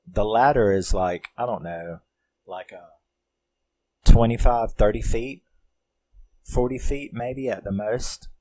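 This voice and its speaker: A man's voice: lowish voice, a little mellow. A man reviewing a film in a casual, rambling way, often laughing and using lots of fillers.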